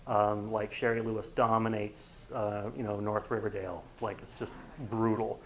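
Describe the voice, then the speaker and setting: A man's voice: lowish voice, flat delivery, normal speed, fairly bright tone, slight background noise, rough recording. A man leading a real estate training session, talking casually and often acting out bits of dialogue. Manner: conversational, acts out quoted dialogue. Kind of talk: workshop lecture.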